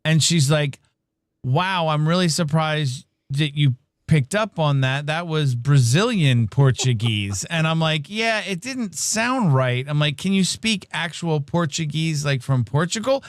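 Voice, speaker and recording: A man co-hosting a livestreamed podcast spins a story in relaxed conversation, breaking into laughter frequently and imitating the voices of those he quotes. His voice leans high and his pace is unhurried, with clean, echo-free studio sound.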